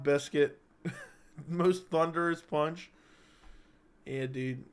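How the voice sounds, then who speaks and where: A man's voice: on the high side, normal speed, fairly bright tone. A young man hosting a live-stream chat, rambling and joking as he reads viewer comments aloud.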